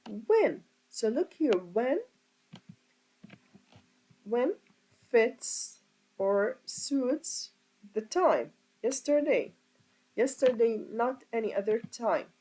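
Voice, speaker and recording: A woman's voice: on the high side, big pitch swings, dark tone, poor audio. A woman teaching a grammar lesson as an English teacher, explaining step by step and asking her class rhetorical questions. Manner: slow, deliberate, asks rhetorical questions.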